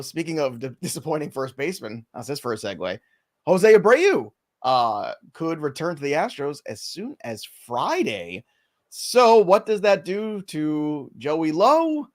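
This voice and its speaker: A man with a New York accent co-hosting a live sports podcast, talking fast and joking between stats. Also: on the high side, very animated. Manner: quick, joking, laughs often. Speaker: fantasy baseball co-host. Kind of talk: casual live podcast banter.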